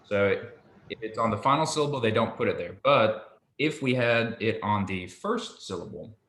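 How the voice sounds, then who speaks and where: Patient man teaching slowly in an echoey room. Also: on the low side, expressive, a bit bright. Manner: patient, explains slowly and checks understanding. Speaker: Hebrew teacher. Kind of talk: one-on-one online tutoring.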